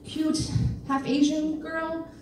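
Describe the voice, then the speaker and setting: A woman putting on the voice of a young girl who fakes a reading in halting, sing-song broken English. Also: high voice, flat delivery, a little mellow, very echoey, distant mic, slight background noise, pitched above the performer's own voice. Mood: fake solemn.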